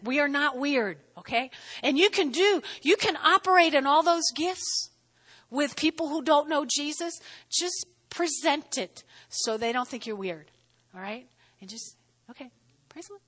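A woman preaching a sermon in an animated way, often breaking off to ask "okay?" and acting out little scenes. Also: high voice, unhurried. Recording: long hall reverb.

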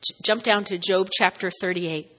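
A woman's voice: medium pitch, fairly even intonation, normal speed, sharp tone, big-room sound. A woman preaching a sermon in a chatty, playful way, acting out quotes with rising emphasis.

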